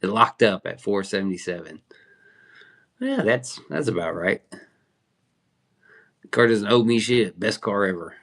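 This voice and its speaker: Brief: male streamer, low voice, profane rambling chat, reacting to the comments. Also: sing-song, a little slow, creaky, pauses often, a bit bright. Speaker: livestream host. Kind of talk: casual livestream chat.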